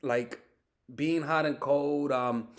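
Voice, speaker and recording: A young dating coach with a voice on the high side gives casual dating advice in a slow monologue. He is animated, swears often, and repeats and restarts words as he talks.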